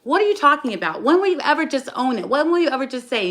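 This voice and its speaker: Woman host talking into her phone on a livestream, blunt and cursing, with a slightly high voice. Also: very animated, fast talker, few pauses, a bit bright. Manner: raw, blunt and profane, with frequent restarts. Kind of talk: emotional livestream monologue.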